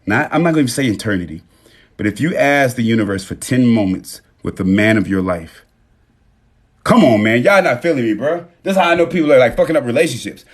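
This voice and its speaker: A man talks straight into his phone on a live stream, his pitch jumping high and loud for emphasis, then dropping to a low, quiet murmur. His delivery is casual and full of slang and swearing. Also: brisk, slightly rough. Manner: animated, swings between loud and low, profane slang.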